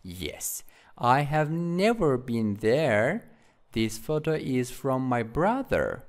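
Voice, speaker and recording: A man's voice: medium pitch, very animated, slow pace. A male teacher reading a schoolboy's part in a textbook dialogue, in plain read-aloud style.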